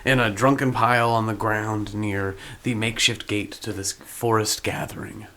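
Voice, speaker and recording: A man's voice: fairly low pitch, flat delivery, normal speed, pushed and bright. A man narrating a tabletop game as game master, loosely and with many fillers.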